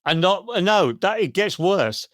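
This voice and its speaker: A man's voice: high voice, animated, measured pace, no room sound, studio quality. A man with an English accent co-hosting a comedy podcast, grumbling and mocking with plenty of swearing. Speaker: podcast co-host. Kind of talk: casual comedic chat.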